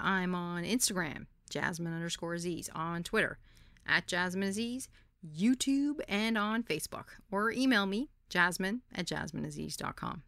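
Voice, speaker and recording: A woman's voice: fairly low pitch, moderate pace, fairly bright tone, no room sound, studio quality. A woman podcast host reading a candid first-person memoir story.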